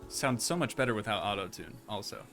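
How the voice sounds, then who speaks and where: A man's voice: lowish voice, lively intonation, fairly quick, fairly bright tone, faint music behind. A young man casually commenting as he builds in a game, chatting to his viewers and thinking aloud. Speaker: streamer.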